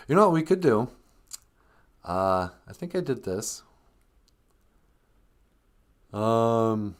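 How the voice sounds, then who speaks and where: A man's voice: mid-range voice, big pitch swings, moderate pace. A man hosting a live stream in a casual, rambling way, joking and reading viewer comments aloud.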